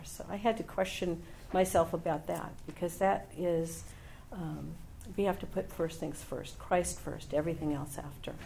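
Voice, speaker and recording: A woman's voice: medium pitch, vocal fry, dark tone, a little hiss or hum. A woman sharing a personal reflection with a Bible study group, thoughtful and searching, with occasional ums as she questions herself. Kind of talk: personal testimony.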